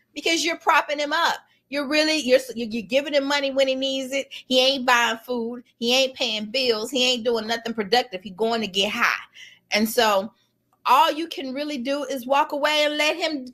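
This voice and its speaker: A middle-aged woman tells a personal story with animated, emphatic energy. Her voice sits a little high and rings bright and forceful. She talks in a loose, colloquial way, leaning hard on the key points. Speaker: lawyer telling a personal story.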